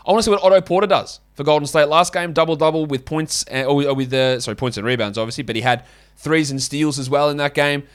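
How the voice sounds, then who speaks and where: A man's voice: on the high side, fast talker. A man hosting a solo podcast, talking in a blunt, sweary, opinionated and casual way. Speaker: podcast host. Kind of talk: solo basketball fantasy podcast.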